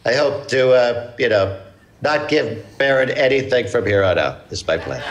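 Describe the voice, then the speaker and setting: Man doing a boastful, lively Trump-like character. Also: mid-range voice, natural voice. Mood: smug. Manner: boastful, crude, drawn-out phrasing. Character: brash older Trump-like man posing as a lesbian. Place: live comedy club stage.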